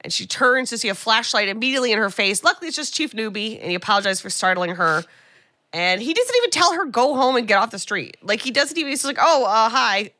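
Podcast lady telling a movie plot, acts out the lines, sarcastic, bright voice. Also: a little high, quick pace, dry recording, studio quality. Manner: animated storytelling, acting out characters' lines with sarcastic asides. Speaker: podcast co-host. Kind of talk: casual film recap chat.

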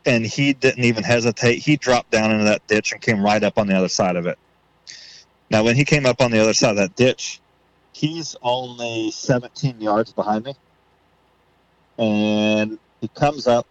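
A man on a podcast, telling a story in a casual way and acting out his own thoughts with rising excitement. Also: medium pitch, dry recording, low-quality recording. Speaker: podcast guest.

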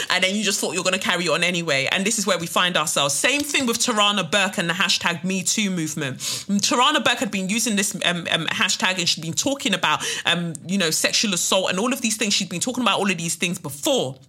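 A woman's voice: mid-range voice, animated, brisk, bright, forceful tone, breathy edge. A woman hosting a podcast, delivering a fiery, emphatic and profane monologue, repeating points for stress. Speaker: podcast host. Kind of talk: impassioned monologue.

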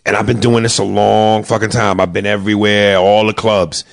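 A stand-up comic co-hosts a podcast, his creaky voice sitting on the low side at a moderate pace. He chats casually and with animation, swearing freely and imitating people as he tells stories.

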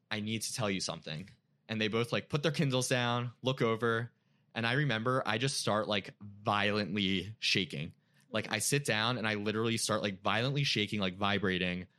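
A man's voice: lowish voice, sharp tone. A young man, a podcast guest, telling an emotional personal story in casual chat, full of filler words.

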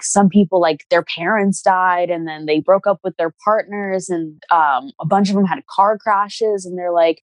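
A young woman guest on a podcast, talking about crystals in a relaxed, rambling way with many fillers and restarts. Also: on the low side, no room sound. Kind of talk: casual podcast conversation.

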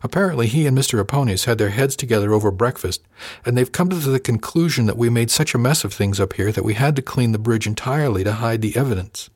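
A man voicing a smug, playful young female crew member in an audiobook, lifting his voice higher for her teasing lines. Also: quick pace, a little mellow, slightly rough, no room sound, studio quality, lightly acted.

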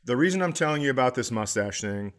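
A middle-aged man tells a rambling comedy-podcast story, talking casually and jumping into animated impressions of the people he meets. His voice sits at an ordinary pitch for a man. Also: fast.

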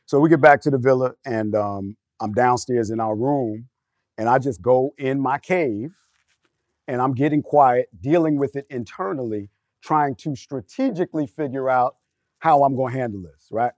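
A middle-aged man with a medium-pitched voice speaks at normal speed in a dry, studio-quality recording. As a guest on a casual panel, he tells a personal story with animation, acting out the voices of the people he quotes.

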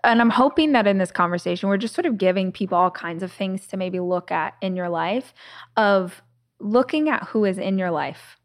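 A woman's voice: mid-range voice, lively intonation, moderate pace. A woman hosting a podcast, talking in a reflective, conversational way and telling stories, with plenty of filler words. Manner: reflective, storytelling, many "like" fillers. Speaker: podcast host.

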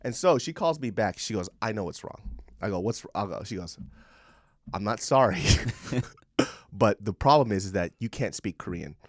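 A man in his thirties co-hosting a podcast, telling a story in casual, profane chat and shouting when he quotes himself. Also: lowish voice, animated, moderate pace, no echo, clean studio sound. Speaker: podcast co-host.

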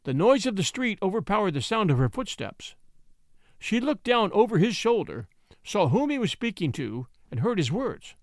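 A man narrating a classic short story in an expressive, animated reading. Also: high-pitched, normal speed, no echo, studio quality.

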